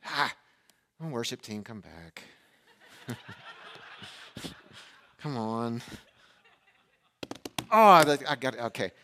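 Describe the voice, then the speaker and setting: A man in his forties preaching a sermon as pastor, animated and shifting between loud emphasis and hushed asides, in a church. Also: mid-range voice, drawn-out words, long pauses, noisy background. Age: 40s.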